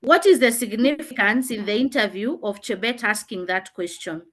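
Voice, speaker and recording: A woman's voice: a little high, normal speed. Woman teacher running an online class, explains rules and quizzes students. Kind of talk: online revision lesson.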